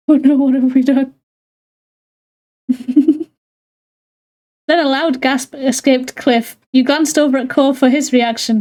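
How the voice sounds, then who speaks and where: A woman's voice: high voice, a little mellow. A woman streamer reading a visual novel aloud to her chat, giggling often and breaking off with chatty asides.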